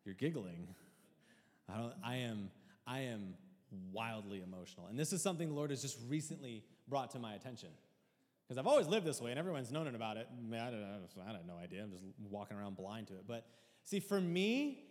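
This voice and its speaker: A male pastor delivers a sermon with earnest, emotional conviction. He drops to a near-hush, then climbs high and loud. His voice sits at a middle pitch and rings in a hall with a long reverb. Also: sing-song, fairly quick.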